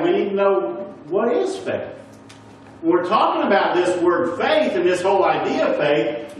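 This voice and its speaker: High-voiced man teaching in an echoey hall. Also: slight background noise. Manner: keeps checking in with the audience; asks the listeners questions. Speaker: Bible class teacher. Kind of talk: teaching a Bible lesson to a congregation. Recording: echoey room recorded from a distance.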